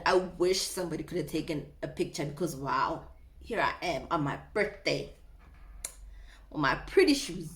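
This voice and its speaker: A young woman tells a story to her viewers in a lively, swooping voice. She talks dramatically and keeps addressing her audience. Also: deep voice, normal speed. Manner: animated, dramatic, mixes in Setswana phrases. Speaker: vlogger. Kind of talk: casual storytime.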